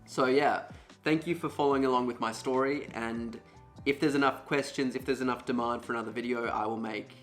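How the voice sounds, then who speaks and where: A young man talking casually to camera about his own voice, relaxed and full of fillers. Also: medium pitch, fairly quick, faint music behind. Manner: relaxed, filler-heavy, conversational. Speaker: vlogger sharing his voice disorder story.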